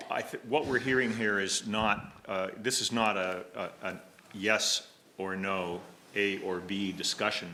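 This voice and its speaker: A man making his case in a live public debate, deliberate with some restarts. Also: low voice, sharp tone. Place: lecture hall with audience.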